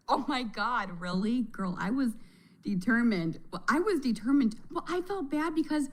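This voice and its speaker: A woman's voice: fairly high pitch, lively intonation, normal speed, rough recording. A woman hosting a casual reaction chat, a mother who laughs a lot and exclaims often as she talks. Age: adult mother. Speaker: reaction video host.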